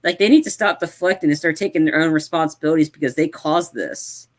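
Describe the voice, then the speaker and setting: A man's voice: on the high side, fast. Ranting man reviewing a movie. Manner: exasperated, ranting, full of "like" and restarts. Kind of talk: casual spoiler review chat.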